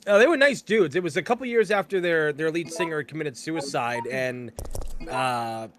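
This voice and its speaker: A man's voice: on the high side, animated, normal speed, crowd noise. A man with a Boston accent chatting casually on a game stream, telling laid-back anecdotes. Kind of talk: casual chat.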